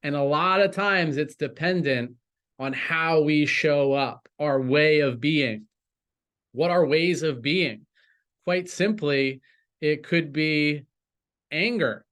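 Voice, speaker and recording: Slow, deliberate male coach. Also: on the high side, fairly bright tone. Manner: slow, deliberate and encouraging, with lifts on key words. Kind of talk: motivational talk to camera.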